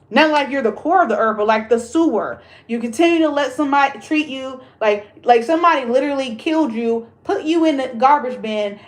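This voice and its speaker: A woman with a slightly high voice talks straight to her livestream viewers. She is blunt, emphatic and profane, ranting in a casual chat. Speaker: livestream host.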